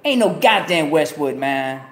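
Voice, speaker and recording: Loud profane man. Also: a little high, expressive, unhurried, slight background noise. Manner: profane, loud street slang. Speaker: podcast host. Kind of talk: casual storytelling. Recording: echoey room.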